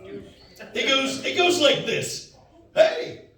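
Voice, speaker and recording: Rambling animated male stand-up comic. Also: very high voice, very slow. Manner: rambling, animated, acts out his friend's lines. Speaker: stand-up comedian. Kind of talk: stand-up storytelling. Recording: echoey room from far off.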